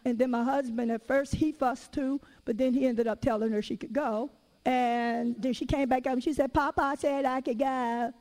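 A woman with a high voice delivers a sermon, weaving personal stories into it. Her talk is lively and conversational, full of casual everyday phrasing. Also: normal speed, low-quality recording. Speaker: preacher.

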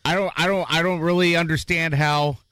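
A man's voice: a little high, fairly even intonation, a little fast, bright, forceful tone, no echo. Jokey man in casual chat. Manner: jokey, hesitant, with frequent restarts and sound-effect gags. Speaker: podcast co-host.

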